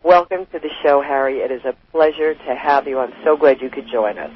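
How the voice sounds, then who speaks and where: A man's voice: mid-range voice, fairly quick, lo-fi sound. A man hosting a talk show, reading out a long guest introduction and then asking questions in an earnest way.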